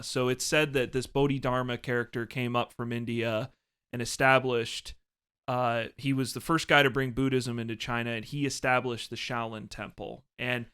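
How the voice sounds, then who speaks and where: Smooth-voiced young man explaining casually. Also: medium pitch. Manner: relaxed, laughs often, explains at length. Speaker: podcast co-host. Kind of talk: casual podcast chat.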